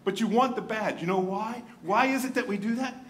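A male pastor preaching a sermon in a church, telling stories with lively swings and dropping to a hushed near-whisper for emphasis. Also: high-pitched, fairly quick, slight background noise. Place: church sanctuary.

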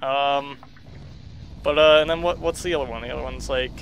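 A man giving casual gaming commentary, profane and animated, with sudden outbursts. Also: medium pitch, brisk, slight background noise. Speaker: let's play host.

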